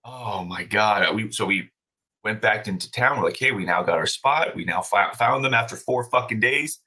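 A man with a fairly low, bright and forceful voice tells a story as a podcast guest. His talk is loose and casual, sprinkled with swearing and quick laughs. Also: husky. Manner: loose, profane, laughs often.

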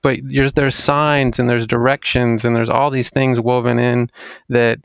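A man from Mississippi with a light Southern accent, a podcast guest talking in a soothing, relaxed way. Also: mid-range voice, a little slow, clear, resonant tone, dry recording, studio quality. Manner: soothing, relaxed, even delivery. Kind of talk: casual interview chat.

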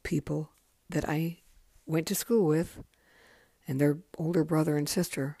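Brief: woman, 50s, deep voice, casual podcast memoir, frank and foul-mouthed, dry close recording. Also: steady tone, a little slow, gravelly, dark tone, no echo. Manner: candid, profane and chatty. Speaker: podcast host.

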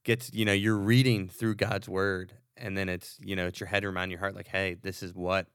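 A man hosting a podcast, relaxed and affirming, with many fillers as he talks. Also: low-pitched, a little fast, clean tone, dry recording, clean studio sound. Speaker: podcast host. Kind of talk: casual podcast talk.

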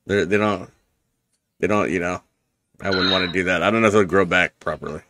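A man's voice: low-pitched, steady tone, a little fast, pushed and bright. A man co-hosting a podcast in casual banter, joking and rambling, laughing often. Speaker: podcast co-host.

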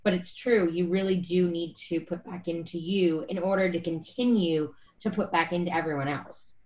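A woman host with a lowish voice, speaking in an interview. She shares her own experience as a mother in a sincere, reflective way and agrees readily with her guest. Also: steady tone, normal speed, a little mellow, highs cut off. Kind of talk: conversational interview.

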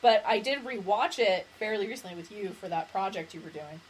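A woman's voice: mid-range voice, animated, a little fast, rough recording. A woman co-hosting a podcast in casual chat, telling long rambling stories and laughing as she goes. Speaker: podcast co-host. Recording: faint background noise.

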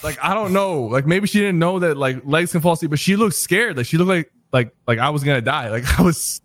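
A man's voice: fairly high pitch, animated, fairly quick, fairly bright tone, no room sound. A young man telling a story in a casual podcast chat, laid-back and full of "like" and "bro".

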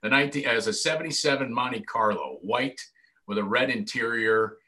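Bright-voiced man telling stories. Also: medium pitch, fairly quick. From upstate New York. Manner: animated storyteller, acts out quoted voices. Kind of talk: casual chat.

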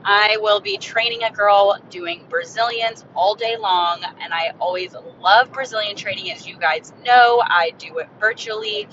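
A young woman from Florida hosting a casual podcast, talking excitedly into her phone while driving in her car. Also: measured pace, few pauses. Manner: excited, upbeat, salesy. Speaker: podcast host. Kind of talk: casual solo podcast pitch. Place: in a moving car. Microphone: phone mic. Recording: dull phone recording with car rumble.

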